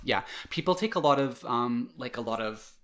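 A young man co-hosting a podcast, chatting playfully with quick jokes and wordy asides. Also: mid-range voice, lively intonation, a crowd in the background. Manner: playful, jokey, wordy interjections. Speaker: podcast co-host. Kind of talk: casual chat.

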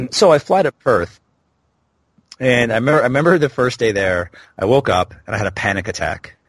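A man's voice: mid-range voice, brisk, gravelly, husky, no echo. A man in his thirties, a podcast guest, candidly telling a personal story in a reflective way. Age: 30s. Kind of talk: storytelling interview.

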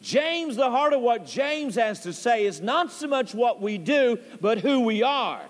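A man preaching a sermon as pastor, speaking deliberately and stressing key words. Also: extremely high pitch, very animated. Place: church sanctuary. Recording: long church hall reverb.

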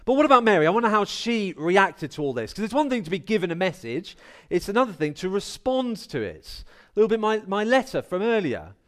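A man preaching a lively sermon at a carol service, chatty and playful as he talks straight to the congregation. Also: high-pitched, a little fast. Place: church.

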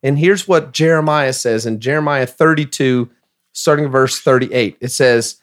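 A man's voice: mid-range voice, measured pace. A man who is a pastor, talking emphatically in a casual podcast discussion and reading scripture passages aloud.

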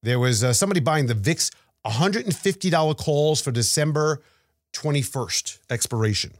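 At a normal speed and a high-leaning pitch, the man co-hosting this podcast chats about markets casually, animated and rambling, stammering as he restarts and repeats words. It's a dry, studio-quality recording.

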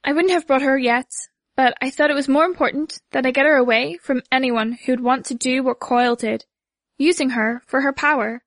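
A woman narrating a first-person story in a measured way, voicing the dialogue lightly. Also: high voice, fairly even intonation, fairly bright tone, no echo. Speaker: audiobook narrator.

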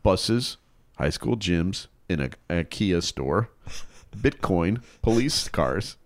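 A man co-hosting a casual podcast, telling stories and joking with animated outbursts. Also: low-pitched, takes it slowly, no room sound. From Chicago area, Illinois. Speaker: co-host.

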